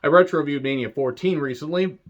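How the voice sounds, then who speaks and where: A man's voice: a little high, fast talker. A man giving a casual, rambling wrestling review with sarcastic, crude humor. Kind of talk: casual spoken video review. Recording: dull lo-fi sound.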